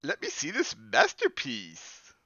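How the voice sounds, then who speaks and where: A shrill, bossy teenage girl squealing in a high falsetto, as a man puts her on while reading a spooky storybook aloud. Her lines swoop wildly and stretch out slowly. The sound is dull and lo-fi. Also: huge pitch swings, sharp tone, slightly rough, dry recording, full character voice. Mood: impatient.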